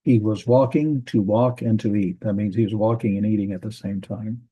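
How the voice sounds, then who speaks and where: A man teaching a grammar lesson from a Bible language textbook, methodical, repeating words and pausing with fillers. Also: on the low side, steady tone, slightly rough, dull audio.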